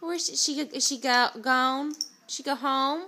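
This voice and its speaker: A young mother at home on a home video, gently coaxing her toddler with repeated simple questions. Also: high-pitched, unhurried.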